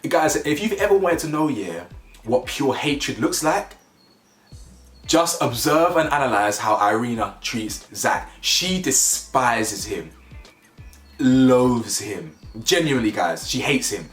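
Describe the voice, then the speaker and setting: Animated man ranting in an echoey room. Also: mid-range voice, unhurried. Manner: animated, emphatic, slangy, repeats words for stress. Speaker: reality TV reviewer. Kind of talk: ranting show review. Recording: echoey room with faint music.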